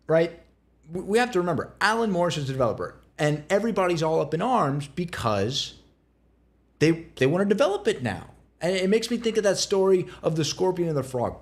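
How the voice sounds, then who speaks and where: A man talks through a casual podcast, blunt and animated and quick to swear. His voice sits high, and his pitch leaps and drops constantly as he tells stories. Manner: animated storyteller, blunt and profane. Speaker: real estate agent co-host.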